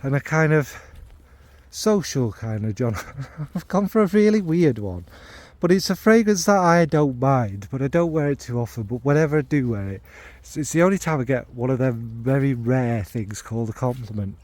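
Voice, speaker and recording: This is a middle-aged man who talks casually and wanders off on asides. He makes fun of himself often and fills his pauses with ums. His voice is warm and mellow and sits at an ordinary pitch. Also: expressive, dry recording. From North Midlands of England. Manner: rambling, self-deprecating, full of ums and asides. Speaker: fragrance vlogger. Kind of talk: casual spoken monologue.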